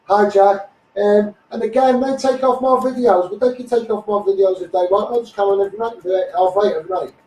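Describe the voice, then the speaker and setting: Scouse man, blunt and combative live-stream rant, high-pitched voice, roomy sound from a distance. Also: steady tone, a little fast, warm tone, a little hiss or hum. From Liverpool, England. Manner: blunt, combative, repeats "you know what I mean". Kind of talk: ranting live stream monologue.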